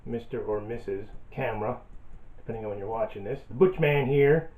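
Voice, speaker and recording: A man's voice: medium pitch, fairly quick, darkish tone. A man delivering a sarcastic, self-deprecating comedic rant as a vlogger. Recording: echoey, tinny phone-like audio.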